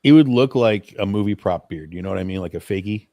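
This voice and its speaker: A man's voice: on the low side, expressive, mellow, no echo. Brash guy co-hosting a late night podcast, teasing, dry close sound. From Italian-American. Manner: teasing, brash, quick questions. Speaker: podcast co-host. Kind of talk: casual late-night chat.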